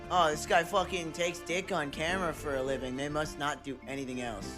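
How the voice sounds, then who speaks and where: A man's voice: a little high, little pitch movement, a little fast. A man streaming, chatting casually with viewers, joking crudely and reading chat aloud. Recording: background music under voice. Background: game music.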